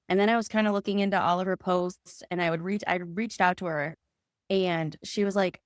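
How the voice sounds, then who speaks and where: A woman's voice: fairly low pitch, steady tone, fairly quick, no room sound, studio quality. A woman, a podcast guest, earnestly telling her personal story in conversation and acting out remembered dialogue.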